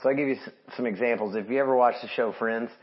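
A man's voice: mid-range voice, fast talker, husky, highs cut off. A middle-aged man giving a sermon, chatting through examples and reading scripture aloud. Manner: conversational teaching with scripture readings. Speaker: pastor.

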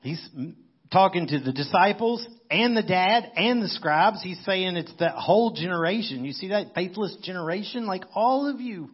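A man's voice: high voice, animated, normal speed, slightly rough, muffled recording. A man preaching a sermon in a conversational way, as if thinking aloud. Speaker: pastor.

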